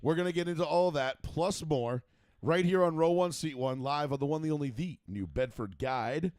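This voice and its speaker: A man hosts a sports talk show with a slightly raised pitch, tumbling through rambling, profane banter. His voice is close and dry, with no room sound around it. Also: moderate pace, darkish tone, no room sound. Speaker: host.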